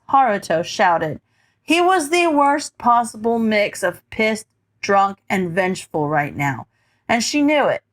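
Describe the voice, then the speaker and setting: A woman narrating a story in a steady, unhurried read with a mid-range voice. Her delivery is measured, with an occasional slip of the tongue. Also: mid-range voice. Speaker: audiobook reader. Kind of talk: scripted narration.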